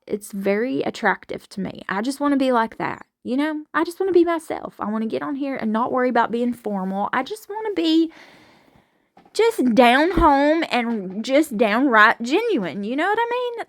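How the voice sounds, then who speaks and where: A woman's voice: fairly high pitch, fairly bright tone, no room sound, clean studio sound. A woman from Alabama with a Southern accent, chatting frankly and folksily to camera as a home vlogger while washing dishes in her kitchen. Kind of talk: casual chat to camera while doing chores.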